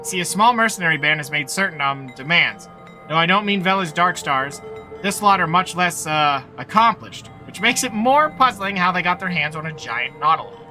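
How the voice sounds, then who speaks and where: A man's voice: a little high, lively intonation, moderate pace, sharp tone, faint music behind. A man reading aloud the lines of a nervous, fussy woman village mayor from a video game, flustered and overly polite.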